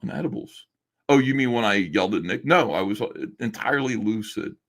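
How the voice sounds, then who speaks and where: A man livestreams from home in a casual rant, sarcastic, mocking and rambling. His voice is lowish, expressive and fairly bright in tone, and he talks fairly quickly.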